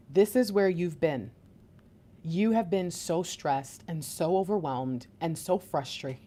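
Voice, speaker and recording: A woman gives an excitable tarot reading, talking straight to her viewers and dropping now and then into laughs and whispers. Her voice sits on the low side for a woman. A faint hiss runs behind her. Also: measured pace. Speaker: tarot reader.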